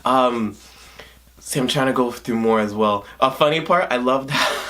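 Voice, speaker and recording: A man's voice: mid-range voice, moderate pace, sharp tone. A young man in his twenties giving a gushing, rambling spoiler review of a movie. He jumps between points and restarts his sentences. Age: 20s. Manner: emotional, near tears at times. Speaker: vlogger.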